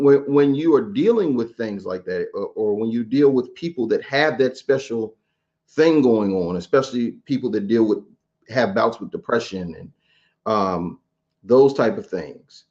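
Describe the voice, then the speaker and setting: A man hosting an interview, asking questions slowly with frequent restarts and repeated words. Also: mid-range voice, a little mellow, highs cut off. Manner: halting, repeats words when starting. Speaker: podcast host.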